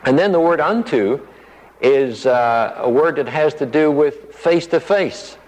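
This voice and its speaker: A man's voice: a little high, animated, measured pace, darkish tone. A man teaching a passage verse by verse. He explains single words and acts out the quoted lines. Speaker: preacher. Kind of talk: expository Bible teaching. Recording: dull sound in a hall with reverb.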